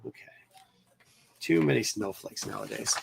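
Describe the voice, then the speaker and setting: A man's voice: medium pitch, animated, moderate pace, creaky, slight background noise. A man hosting a casual chat while sorting old comics, muttering titles and numbers, swearing often, his voice cracking. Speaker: host.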